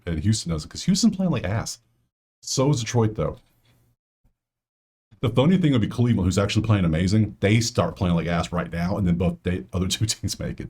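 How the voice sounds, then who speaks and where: A man's voice: sits low, a little mellow. A man hosting a casual solo sports betting breakdown, talking straight to players and viewers with grumbling asides.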